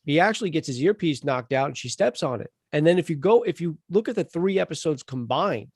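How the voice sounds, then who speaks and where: A man's voice: fairly high pitch, lively intonation, brisk, a little mellow, breathy edge, dry recording, studio quality. Earnest man arguing a point on a podcast. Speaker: podcast co-host. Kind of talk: casual chat.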